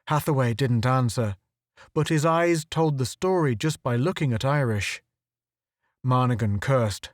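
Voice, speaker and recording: An audiobook narrator reads a story aloud in steady, measured, scripted narration. His pitch sits in the middle range, and the recording is dry and close with no room sound at all.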